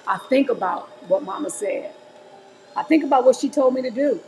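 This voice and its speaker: A woman's voice: sits high, lively intonation, moderate pace, gravelly, background noise. A woman in her forties, hosting a livestream, chatting candidly with viewers while she prepares fruit. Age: 40s. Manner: chatty and candid, often calls viewers "y'all". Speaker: livestream host.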